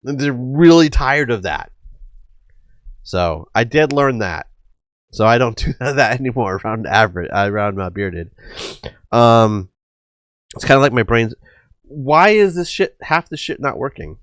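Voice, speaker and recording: A man hosting a livestream from a home setup talks in a rambling, loose way, full of fillers and the odd curse. His voice sits at an ordinary pitch. The sound is dry and close to the mic, with no room in it. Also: animated, unhurried, long pauses, fairly bright tone, no room sound. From United States. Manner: rambling, profane, many fillers. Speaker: livestream host. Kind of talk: casual stream chat.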